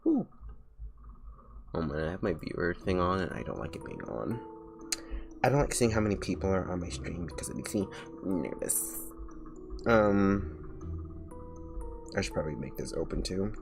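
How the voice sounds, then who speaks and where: Young male vtuber with a very low voice, chatty and rambling over faint background music. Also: very animated, moderate pace, gravelly, long pauses. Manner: rambling, full of filler "like"s and restarts. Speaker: vtuber streamer. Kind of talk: casual chat while drawing on stream.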